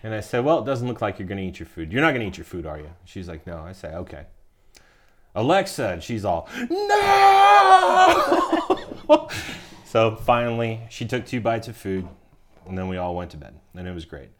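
A man's voice: low-pitched, lively intonation, fast, very noisy. A young man on a podcast, chatting casually and acting out quotes as he tells a story, often laughing. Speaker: podcast host.

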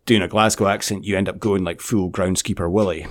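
A man with a low voice co-hosting a podcast. He talks with lively enthusiasm and drops in the odd casual swear word. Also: fairly quick. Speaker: podcast co-host. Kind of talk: casual chat.

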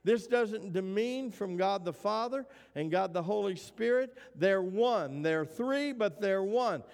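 A male preacher delivers a sermon, reading scripture aloud and asking the congregation to answer him. His voice sits high and has a gravelly edge. The sound rings with the long reverb of a large hall. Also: expressive, unhurried, darkish tone.

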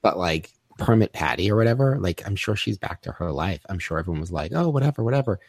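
A man's voice: low-pitched, fast, dry recording. A man with a Jamaican accent co-hosting a podcast, telling jokes and stories in a casual chat. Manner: joking, animated storyteller. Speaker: podcast co-host.

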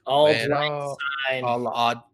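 A man's voice: mid-range voice, unhurried. A man casually recapping a cartoon episode, laughing and acting out lines from it. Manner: animated, laughing, acts out character lines. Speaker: podcast host.

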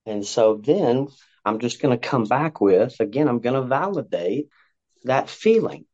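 A man giving parenting advice as a podcast guest, lively and talkative, acting out conversations between parent and child. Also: mid-range voice, measured pace. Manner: animated, acts out parent-child dialogue. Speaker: guest, youth counselor. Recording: dull lo-fi audio.

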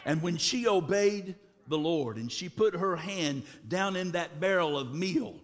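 Man, preacher, sermon, high voice, slow delivery, dramatic shouts and low drawn-out words. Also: animated, in a large hall.

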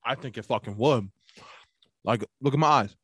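A man's voice: medium pitch, moderate pace, a bit bright, breathy edge, no room sound. Laughing, profane man on a dry mic. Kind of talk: casual chat.

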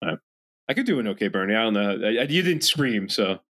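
A man's voice: fairly low pitch, fast talker. Profane, rambling podcast co-host man. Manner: profane, rambling, animated impressions. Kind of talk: casual chat.

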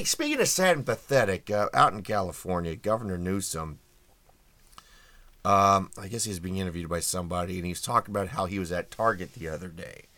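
A man with a somewhat low, voice delivers a wry, opinionated podcast monologue, filling pauses with ums and uhs. The sound is dry and close, with no room around it. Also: a bit bright, no echo. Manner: wry, opinionated, many fillers. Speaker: podcast host. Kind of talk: casual political commentary monologue.

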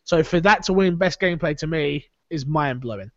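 A man with a high, light voice hosts a casual podcast chat, animated and opinionated. The sound is dry and close, but a little dull and lo-fi. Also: a little fast, dry recording. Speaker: podcast host. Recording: dull lo-fi audio.

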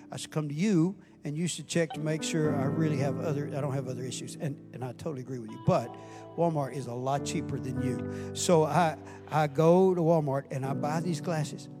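Older man preaching over music. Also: fairly high pitch. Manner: passionate, builds in volume, then drops to questions. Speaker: guest preacher. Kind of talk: sermon. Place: church. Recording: music playing underneath.

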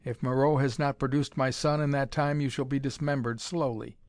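A man's voice: medium pitch, level tone, normal speed, a little mellow, no echo, lightly acted. A man voicing a cruel, mad old emperor who gloats and threatens, in a dry recording. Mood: silky menace. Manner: gloating, menacing.

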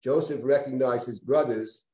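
A man's voice: mid-range voice, fairly even intonation, normal speed, warm tone. A man, a rabbi, teaching a live Bible class, reading verses aloud and often restarting his sentences. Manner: digressive, repeats and restarts, reads Hebrew verses aloud. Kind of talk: live lecture. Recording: roomy live class recording.

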